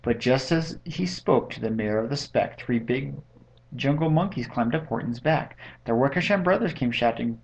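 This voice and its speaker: A man reading a rhyming picture book aloud at bedtime, in a lively, rhythmic read-aloud manner, recorded at home on a webcam mic. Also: medium pitch, normal speed, vocal fry, a little hiss or hum. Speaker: bedtime story reader. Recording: dull lo-fi webcam audio.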